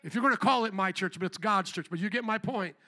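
A male pastor preaching a sermon, speaking forcefully and asking the congregation rhetorical questions. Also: high-pitched, fast.

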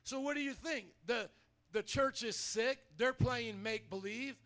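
A man preaching a sermon in a church, energetic and conversational, calling out to his congregation. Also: very high voice, measured pace. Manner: energetic, conversational preaching with audience call-outs. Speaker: pastor.

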